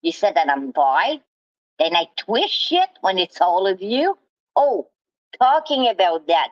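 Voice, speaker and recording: A woman in a heated monologue, talking in halting bursts with restarts and insults. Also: mid-range voice, sing-song, no echo, highs cut off. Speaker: livestreamer.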